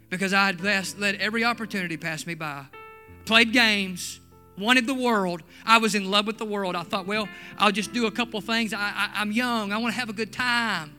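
A man preaches his testimony in a church, with a strikingly high voice and a very bright, forceful tone. He swings between quiet, drawn-out storytelling and fervent outbursts, and soft guitar plays faintly underneath. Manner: swings from hushed storytelling to shouting. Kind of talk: sermon testimony.

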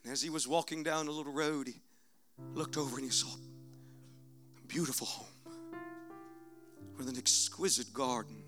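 A man preaching a sermon in church, swinging between shouted exhortation and hushed prayer. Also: mid-range voice, moderate pace, long pauses, music in the background.

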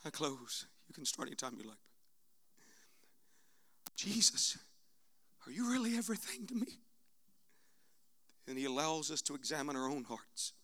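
A man preaching a sermon in church, swinging between shouted exhortation and hushed prayer. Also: a little high, animated, moderate pace, pauses often.

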